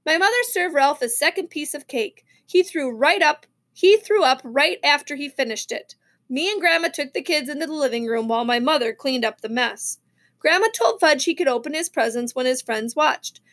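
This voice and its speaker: A woman reading a children's novel aloud, expressive, with small slips and restarts. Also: high-pitched, moderate pace. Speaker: reader.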